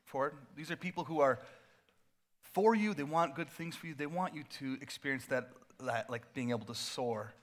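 A man preaching a sermon as pastor, in a casual, animated way with playful asides. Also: medium pitch, normal speed.

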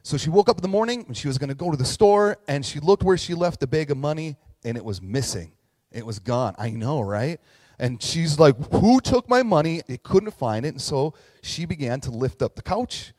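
A man's voice: a little high, normal speed. Man preaching a story-driven sermon in a hall. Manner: animated, acts out voices, talks to kids in the crowd. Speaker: pastor. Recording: long reverb in a large hall.

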